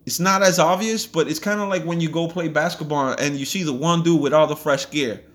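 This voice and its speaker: Profane ranting man, slightly high voice. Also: fairly even intonation, fairly quick, a bit bright. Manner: profane, blunt, heated. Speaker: podcast host. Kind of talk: ranting motivational monologue.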